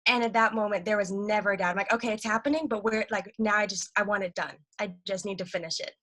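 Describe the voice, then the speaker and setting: A woman talking eagerly and quickly about selling, in a casual video-call chat. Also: medium pitch. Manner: excited, rapid, gushing. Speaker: team member sharing sales tips.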